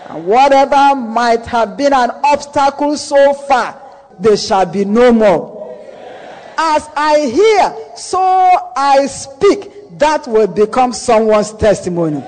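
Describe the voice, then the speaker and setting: A man's voice: very high voice, a little mellow, big-room sound. A man preaching a sermon, declaiming and repeating key phrases for emphasis, drawing the congregation into call and response. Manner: slow, drawn-out delivery with dramatic pauses.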